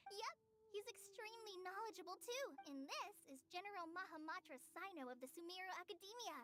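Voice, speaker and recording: A bright eager young apprentice girl, very high lively voice, music faint underneath. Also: a little fast, exaggerated voice. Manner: eager and earnest. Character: earnest, cheerful young female forest apprentice. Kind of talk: video game voice acting.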